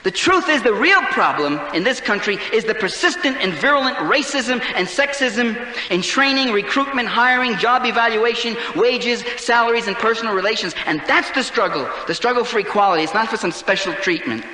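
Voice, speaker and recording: A man's voice: high voice, lively intonation, brisk, few pauses, sharp tone. A man giving a political speech, insistent and full of rhetorical questions. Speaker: speaker. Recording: roomy hall with long reverb.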